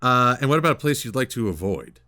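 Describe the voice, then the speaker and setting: Man, host, casual chat, playful, jokey, very expressive pitch. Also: fast, no room sound, clean studio sound. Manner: playful, jokey, animated asides. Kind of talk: casual video-call chat.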